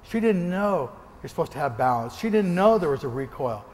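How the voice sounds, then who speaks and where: A motivational speaker from the American Northwest, a man, telling a lively story during a keynote and acting out gunshots. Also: a little high, fairly quick, long reverb tail. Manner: animated, acts out gunshots and quoted voices. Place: large hall before an audience.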